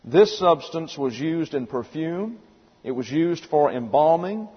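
A man's voice: a little high, expressive, a little slow, husky. A man giving a Bible teaching sermon in a folksy storytelling manner, spelling out words as he explains. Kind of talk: sermon lecture. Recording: dull lo-fi recording with long hall reverb.

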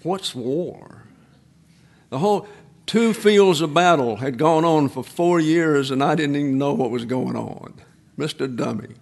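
A man's voice: a little high, normal speed, gravelly, a little mellow. A man in his eighties preaching a sermon, a pastor who drifts into folksy personal stories with frequent restarts. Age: 80s.

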